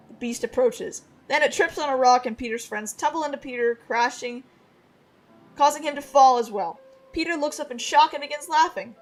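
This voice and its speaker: A woman reading her old fantasy novel aloud on a livestream, animated, with casual asides. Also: high voice, normal speed.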